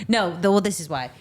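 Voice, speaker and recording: A young English woman co-hosting a podcast in casual chat, teasing her husband and laughing often. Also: on the low side. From England. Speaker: podcast co-host.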